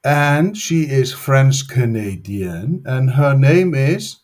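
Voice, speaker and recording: Male host, unhurried, hesitant, joking manner. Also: medium pitch, expressive, darkish tone. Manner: slow, hesitant, playful. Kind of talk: casual interview chat.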